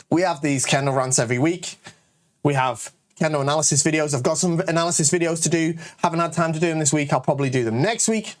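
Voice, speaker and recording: A man's voice: fairly high pitch, fast. A man with a northern English accent, hosting a casual, jokey question-and-answer video and often tagging lines with "all right?". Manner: chatty, jokey, self-promoting, lots of "all right?" asides. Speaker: kendo channel host and shop owner. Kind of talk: casual Q&A rant to camera.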